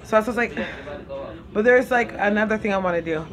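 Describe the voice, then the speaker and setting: A woman's voice: medium pitch, a little fast, a crowd in the background. Chatty woman with a Caribbean accent. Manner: chatty, eats while talking, reads viewers' comments aloud. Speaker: livestream host. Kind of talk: casual live-stream chat.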